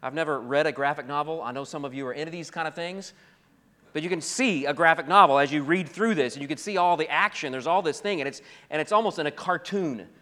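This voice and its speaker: A man preaching an expository sermon as pastor, emphatic, swinging between loud declarations and quiet asides. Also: on the high side, quick pace. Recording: long hall reverb.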